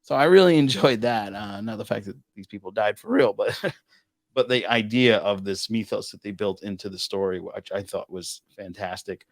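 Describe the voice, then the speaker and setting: A man hosting a casual movie review chat, animated and prone to swearing. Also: lowish voice, moderate pace, vocal fry, no room sound, clean studio sound. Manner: animated, swears, laughs often. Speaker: host.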